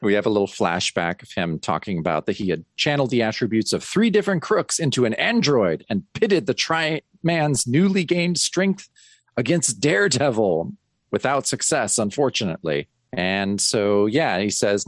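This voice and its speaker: A man's voice: mid-range voice, moderate pace, dry recording, clean studio sound. A man co-hosting a comic podcast, recapping plot points in an amused way. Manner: animated, amused. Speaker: podcast co-host. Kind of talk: casual chat recapping a comic.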